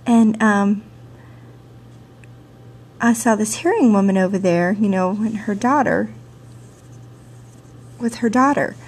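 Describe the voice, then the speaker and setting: Woman storyteller, slightly husky, medium pitch, chatty and animated, home camcorder sound. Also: takes it slowly, pauses often. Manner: animated, chatty, laughs often, many "you know" fillers. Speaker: ASL and theater teacher. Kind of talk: personal storytelling. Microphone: handheld camcorder mic.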